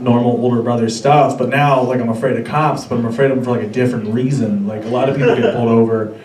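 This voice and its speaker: A man's voice: mid-range voice, steady tone, quick pace, darkish tone. A young man in his twenties doing a stand-up comedy set on a club stage, rambling and self-deprecating with stammering restarts. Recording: roomy club audio from far off with crowd. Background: audience laughter.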